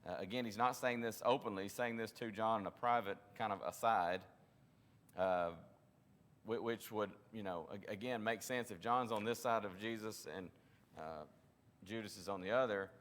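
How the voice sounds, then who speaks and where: A man's voice: on the low side, normal speed, a bit bright, in a large hall. A man leading a Bible study, teaching conversationally, often restarting his sentences and acting out quotes. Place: church classroom.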